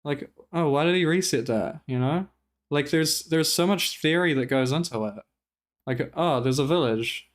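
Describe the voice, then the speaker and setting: A man's voice: fairly high pitch, normal speed. A young man streaming, talking casually in a profane, rambling and exasperated way while commenting live.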